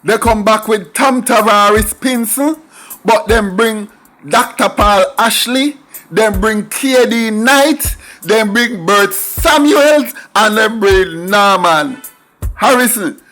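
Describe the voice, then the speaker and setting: Man, Jamaican accent, middle-aged, high voice, emphatic storytelling, sing-song patois asides. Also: slow, bright, forceful tone, soft background music. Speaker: commentator. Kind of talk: storytelling monologue.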